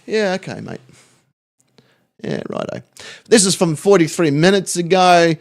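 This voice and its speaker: A man's voice: high-pitched, very animated, measured pace, pauses often. A man with an Australian accent, hosting a channel and reacting to social media posts in a sweary, sarcastic way. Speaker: channel host.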